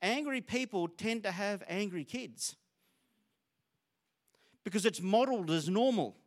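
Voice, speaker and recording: Australian male preacher, middle-aged, high-pitched, chatty and anecdotal from the pulpit. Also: expressive, measured pace. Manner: conversational, storytelling, self-disclosing. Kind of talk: sermon.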